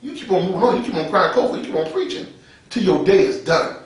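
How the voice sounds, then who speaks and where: High-voiced man preaching in an echoey room. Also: big pitch swings, fast talker, recorded from a distance. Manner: colloquial, street-talking, chuckling, frequent restarts. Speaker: preacher and radio host. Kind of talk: informal online radio sermon. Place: his office. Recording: very echoey room, speaker off-mic.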